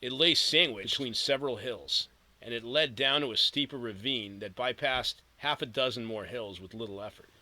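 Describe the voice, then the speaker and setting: A man narrating an audiobook in a steady storytelling read with vivid emphasis. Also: mid-range voice, normal speed, rough recording.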